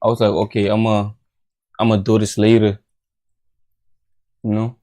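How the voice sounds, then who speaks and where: This late-night livestream host is a drowsy young man in his home bedroom, his mellow voice on the low side with a flat delivery at normal speed. Half-asleep and mumbling, he rambles in slangy chat, often just talking to himself.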